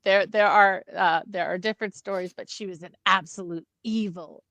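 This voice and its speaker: A woman's voice: mid-range voice, steady tone, moderate pace, a bit bright, dry recording. A woman co-hosting a casual film review podcast, chatty and enthusiastic with trailing restarts. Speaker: podcast co-host.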